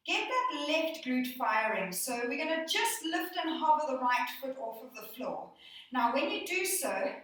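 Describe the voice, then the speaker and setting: A woman's voice: sits high, fairly bright tone. A woman fitness instructor guiding a workout, cueing breaths and counting reps, a little out of breath. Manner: encouraging, counts and cues breathing. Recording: echoey room, voice from a distance.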